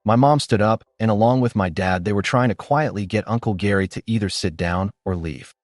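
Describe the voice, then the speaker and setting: A man giving scripted first-person narration of a story in a steady, animated storytelling delivery. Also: lowish voice, brisk, dry recording, studio quality. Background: faint background music.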